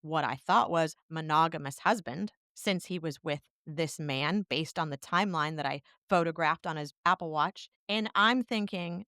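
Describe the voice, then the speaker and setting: A woman with a smooth, clear voice tells a personal story on a podcast, candid and animated as she goes. Her voice sits at a middle pitch and sounds dry, with little room in it. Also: moderate pace, few pauses, no room sound. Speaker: podcast co-host.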